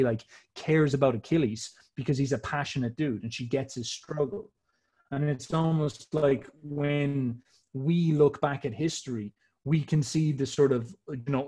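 A man's voice: mid-range voice, darkish tone, slightly rough. A man explaining ideas in a rambling casual talk, swearing freely and restarting sentences often. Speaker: podcast host.

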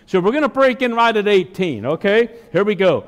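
A man with a very high speaking voice preaching a sermon, heard with a long reverb from a hall. He talks emphatically and keeps throwing questions out to the congregation. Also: big pitch swings, normal speed, hardly any pauses. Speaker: pastor.

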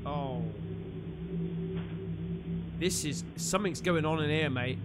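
A man reacting to a horror video, jumpy and prone to loud exclamations and swearing. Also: fairly high pitch, slow pace, very noisy. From England. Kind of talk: excitable horror reaction commentary.

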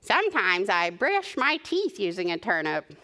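A woman puts on a goofy storybook duck, a male bird fixated on one odd thing, squeaking his lines up high and bright. The voice is lively and swoops around a lot. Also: moderate pace. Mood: silly eager. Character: excitable male duck obsessed with turnips.

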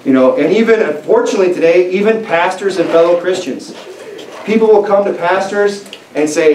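Delivering a sermon in a church, a male pastor talks with emphasis in a conversational style, restarting often. His high-pitched, darkish voice runs a little fast. The sound is distant and echoey, with faint hiss in the background.

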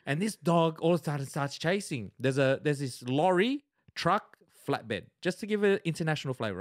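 A man's voice: on the high side, normal speed, no room sound, studio quality. Chatty man telling a story. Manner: animated anecdotes full of "right?". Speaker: podcast co-host. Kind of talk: casual chat, storytelling.

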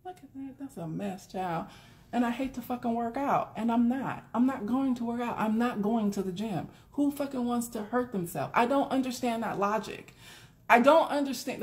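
A woman hosting a casual live stream, talking bluntly to her viewers with plenty of swearing and frequent laughter. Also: fairly high pitch. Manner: blunt, profane, laughs often; chatty, talks straight to viewers. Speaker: doula and live stream host.

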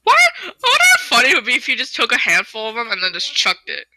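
A woman's voice: on the high side, wildly swooping pitch, fast, pushed and bright, poor audio. A woman hosting a reaction video, tossing sarcastic, mocking comments at the clip.

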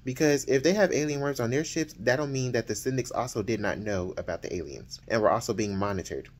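A man talking through a novel's plot in a relaxed, conversational way. He keeps the retelling lively and drops into the characters' lines without changing his voice. His voice sits at an ordinary middle pitch. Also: fairly quick. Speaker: book reviewer and author. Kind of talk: casual book recap.

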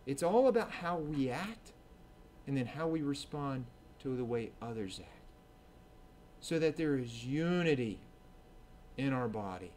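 A man preaching a sermon as pastor at a church service, earnest and swinging between emphatic and hushed delivery. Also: mid-range voice, animated, unhurried, slight background noise.

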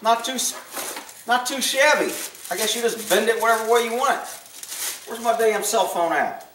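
Unboxing presents at a table at home, this host talks casually, mumbling to himself and swearing liberally. He has a very high voice and a moderate pace. The mic sits at a distance, leaving him off-mic in an echoey room with slight background noise.

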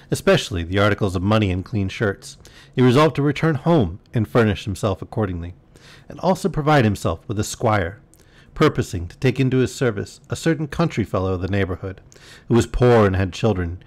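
A man reading a classic novel aloud as a bedtime story on a live stream, calm and measured. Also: on the low side. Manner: calm, measured reading with brief asides to chat.

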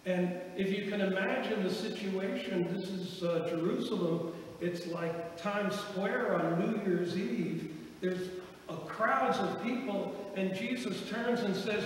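Man, pastor, high voice, slow sermon delivery, echoey hall, distant mic. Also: slight background noise. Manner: storytelling, acts out quoted voices. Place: church sanctuary. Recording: echoey church hall from far off.

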